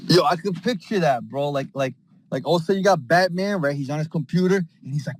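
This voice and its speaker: A man in casual group chat on an audio call, rambling excitedly with lots of slang and acting out scenes. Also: fairly high pitch, brisk. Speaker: space call participant.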